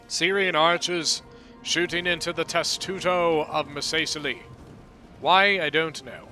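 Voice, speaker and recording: A man giving relaxed, rambling play-by-play commentary on a strategy game battle, often correcting himself mid-sentence. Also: a little high, measured pace, faint music behind. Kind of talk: casual gameplay commentary.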